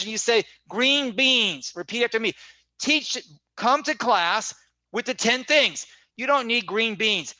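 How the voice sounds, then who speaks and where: High, bright-voiced man teaching online. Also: no echo. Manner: conversational, repeats points, checks in with "right?". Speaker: teacher trainer. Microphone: video call.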